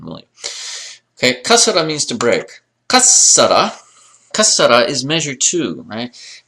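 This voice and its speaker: A man's voice: fairly low pitch, pushed and bright. A man teaching a language lecture, drilling pronunciation aloud and dropping wry jokes. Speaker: Arabic teacher. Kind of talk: recorded classroom lecture.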